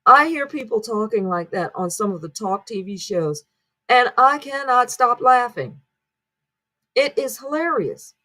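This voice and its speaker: A woman's voice: a little high, normal speed, bright, forceful tone. Woman musing rhetorically to viewers. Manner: rhetorical, keeps checking in with "right?". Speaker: commentary channel host. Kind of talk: casual spoken commentary to camera.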